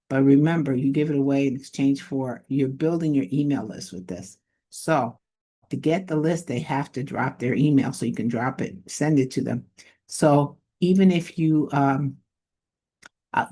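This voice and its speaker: A woman's voice: a bass voice, warm tone. A woman giving casual online marketing tips to camera, modest and conversational, thinking aloud as she goes.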